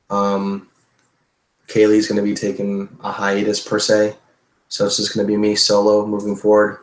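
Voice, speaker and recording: A man's voice: lowish voice, echoey room, low-quality recording. A man streamer answering viewer questions in a loose, profane, chatty way. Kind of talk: casual livestream Q&A.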